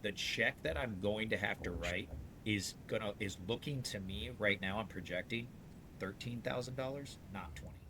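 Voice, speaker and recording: A man's voice: on the low side, moderate pace, noisy background. A man who owns a dealership, talking casually and bluntly, telling stories with lots of restarts. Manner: rambling, animated storyteller with frequent restarts; salty, blunt talk. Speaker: dealership owner. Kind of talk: casual storytelling on a podcast.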